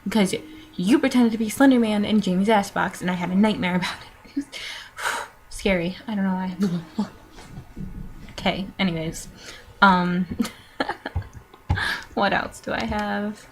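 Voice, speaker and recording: A woman's voice: mid-range voice, steady tone, measured pace, long pauses, slight background noise. Rambling nineteen-year-old woman vlogger. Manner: rambling, with frequent fillers, laughs and sighs. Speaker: vlogger answering follower questions. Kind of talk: casual rambling Q&A vlog.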